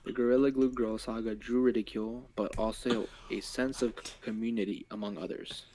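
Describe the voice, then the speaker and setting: A man's voice: fairly low pitch, steady tone, fairly quick, a little mellow, a little hiss or hum, low-quality recording. A man on a casual chat stream who reads news quotes aloud and comments offhand.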